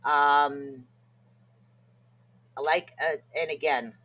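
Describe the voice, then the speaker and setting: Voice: medium pitch, steady tone, very slow, bright, forceful tone. A podcast co-host giving a casual self-help talk, joking and laughing at their own stumbles over hard words.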